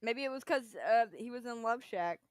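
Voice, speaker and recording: A woman's voice: a little high, normal speed, no room sound. A woman co-hosting a casual livestream chat, teasing and joking with her co-host. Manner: playful and teasing. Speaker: podcast co-host.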